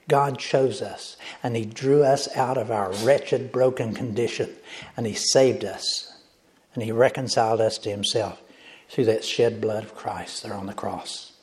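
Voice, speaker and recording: A man's voice: fairly low pitch, fairly even intonation, measured pace, darkish tone. A male pastor preaching a sermon, emphatic and repetitive, speaking directly to the congregation.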